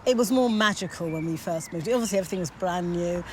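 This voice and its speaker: A woman TV presenter as a guest, chatting casually, playful and quick to laugh. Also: fairly low pitch, background noise. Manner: warm, laughs often, playful. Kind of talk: casual chat.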